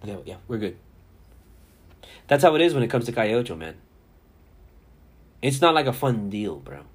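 Hosting a casual sports talk podcast, a man in his thirties from the Miami area rambles through stories with lots of swearing. He's an animated, profane storyteller whose husky voice sits at medium pitch and moves at a moderate pace.

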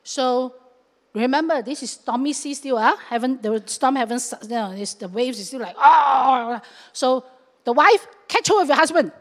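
A woman pastor preaches with lively, animated delivery, often dropping into little acted-out voices and local fillers. Her voice sits a bit high, and it rings with the long reverb of a large hall. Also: moderate pace. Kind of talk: sermon.

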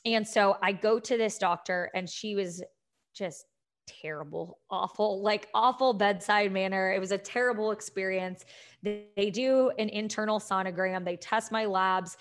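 A woman's voice: medium pitch, moderate pace. A young adult woman, a health and fitness coach, telling a personal story candidly with many fillers and restarts. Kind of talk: personal story, casual talk.

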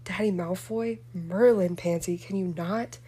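A woman's voice: fairly low pitch, measured pace, mellow, breathy edge. A woman reading a story aloud and voicing a smug, teasing young male wizard with a smirking delivery. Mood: curt.

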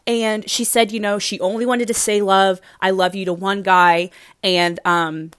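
A young woman chatting casually about a show, emotional and gushing, with many fillers and restarts. Her voice leaps high when she gets excited. The sound is close and dry. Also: measured pace, clear, resonant tone, dry recording. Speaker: podcast host recapping a reality show. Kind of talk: casual chat.

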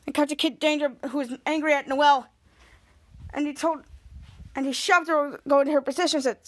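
A woman's voice: sits high, steady tone, brisk, pauses often. A woman podcast host casually recapping a TV episode, rambling with frequent restarts.

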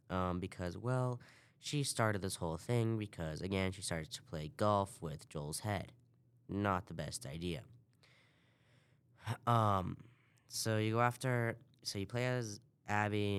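Low-voiced man rambling through a game recap. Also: clear, resonant tone. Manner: rambling, swears casually. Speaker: podcast host. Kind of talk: casual video game recap.

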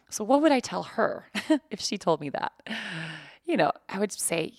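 A woman's voice: lowish voice, expressive, a little fast, vocal fry, no room sound, clean studio sound. A woman host and yoga teacher talking openly and reflectively about her own life, searching for words with fillers and restarts. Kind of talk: candid personal reflection.

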